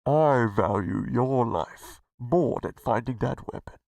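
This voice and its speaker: A man doing a slow, low, mumbly impression of an alien Jedi general, as if his mouth were full. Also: gravelly, darkish tone, no room sound. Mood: solemn.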